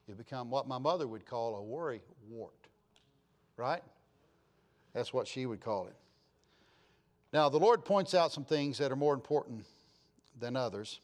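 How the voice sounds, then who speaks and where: A man preaching a sermon as a pastor, telling a folksy story with animated delivery. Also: medium pitch.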